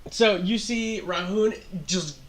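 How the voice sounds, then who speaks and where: A man's voice: high voice, fairly even intonation, takes it slowly, fairly bright tone. A man running a tabletop game as game master, explaining moves with hesitant restarts.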